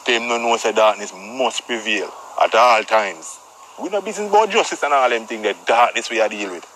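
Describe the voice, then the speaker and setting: A man's voice: fairly low pitch, expressive, a little fast, fairly bright tone, slight background noise, poor audio. A man with a Jamaican patois accent telling a comic story as a brash, profane tough guy.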